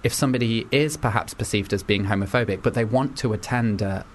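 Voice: medium pitch, fairly quick, slight background noise. A young radio host, chatting casually on air and laughing often.

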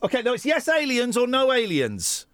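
A man's voice: extremely high pitch, huge pitch swings, moderate pace, fairly bright tone, no echo. A man hosting a radio breakfast show, bantering and telling jokey stories in a studio. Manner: playful, teasing, jokey storytelling. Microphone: studio microphone.

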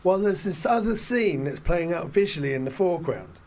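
A man hosting a casual podcast chat, retelling film scenes in a rambling, animated way with lots of fillers. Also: sits high, a little fast. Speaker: podcast host.

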